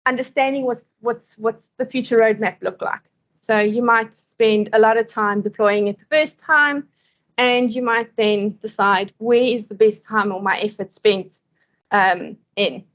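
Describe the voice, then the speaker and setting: A woman's voice: on the high side, highs cut off. A woman giving a conference talk and answering questions, speaking conversationally and laughing often between points.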